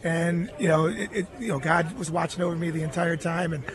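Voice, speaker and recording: A man's voice: fairly high pitch, fairly even intonation, a little fast. A middle-aged man, a guest on a radio interview, earnestly telling a personal story and quoting other people in his own voice. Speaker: guest, former baseball catcher.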